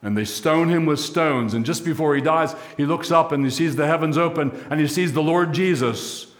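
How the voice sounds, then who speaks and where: A man preaching a sermon as pastor, emphatic, stacking repeated phrases and slowing for key lines. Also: a little high.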